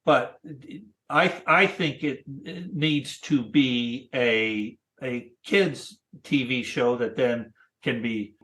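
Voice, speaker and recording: Guy in his 60s talking shop as a guest, halting and rambly, ordinary pitch. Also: a bit bright. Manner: rambling, thoughtful, halting with many restarts. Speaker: cartoonist guest. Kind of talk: casual interview chat.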